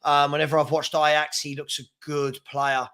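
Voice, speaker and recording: Man, bright voice, live-stream host, casual rambling, lots of ums. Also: a little high, level tone, moderate pace, smooth. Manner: rambling, with fillers and repeated words. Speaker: fan channel host. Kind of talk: live-stream football chat reading comments.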